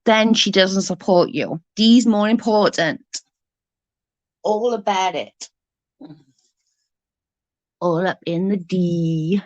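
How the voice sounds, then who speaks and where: A Welsh woman from Newport in her forties vents in a casual rant. She is blunt, sarcastic and swears freely. Her voice sits at a middling pitch and sounds close and dry, with no room around it. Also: takes it slowly, long pauses, no room sound, dull audio. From Wales. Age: 40s. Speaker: vlogger. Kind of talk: casual ranting chat.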